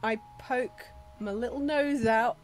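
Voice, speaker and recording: A woman's voice: on the high side, takes it slowly, faint music behind. A woman playing a tabletop game, thinking aloud hesitantly about her moves. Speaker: player.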